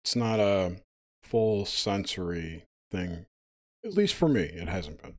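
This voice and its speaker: A man with a fairly low voice speaks in a measured, hesitant way. He pauses to gather his thoughts as he explains. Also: sing-song. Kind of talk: casual interview.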